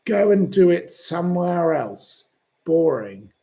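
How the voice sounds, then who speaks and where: Slow-talking ranting man. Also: high-pitched, very animated, creaky, mellow. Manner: ranting and swearing at commenters. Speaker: channel host. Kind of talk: livestream rant reading viewer comments.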